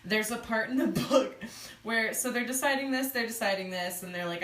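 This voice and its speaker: A woman's voice: mid-range voice, normal speed, a bit bright. Wry woman guest in an echoey room. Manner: wry, joking quips. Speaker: podcast guest. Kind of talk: casual chat. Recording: roomy echo, faint background noise.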